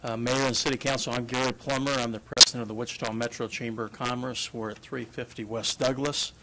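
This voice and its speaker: A man's voice: mid-range voice, flat delivery, fast talker, very noisy. A man who heads a business chamber, reading a formal prepared statement at a council podium. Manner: formal, read-out delivery. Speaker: chamber of commerce president.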